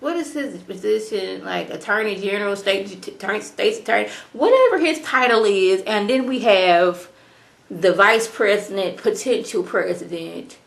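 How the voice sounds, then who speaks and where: A woman casually recapping a TV drama episode in a chatty, slangy, animated way. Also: mid-range voice, normal speed, creaky, echoey room. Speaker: TV episode reviewer.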